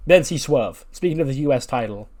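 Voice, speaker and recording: A man's voice: mid-range voice, expressive, fairly quick, darkish tone. A man hosting a game playthrough, giving crude, joking casual commentary. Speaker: gaming video host.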